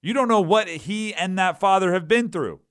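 A man hosting a sports talk radio show, animated and acting out voices as he argues his points. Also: high-pitched, moderate pace. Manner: animated, acts out quoted voices.

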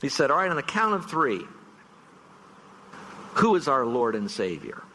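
A man's voice: mid-range voice, big pitch swings, moderate pace, sharp tone, in a large hall, a little hiss or hum. A man preaching a farewell sermon as pastor, earnest and emphatic, stretching out key words for stress. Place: church sanctuary.

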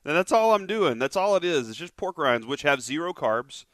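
A man's voice: a little high, big pitch swings, normal speed, fairly bright tone, dry recording. A man co-hosting a sports radio show, joking and chatting casually while eating.

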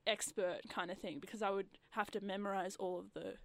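A young woman chatting casually on the radio, full of "like" fillers and quick impressions of customers. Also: medium pitch, steady tone, vocal fry, fairly bright tone. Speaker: guest.

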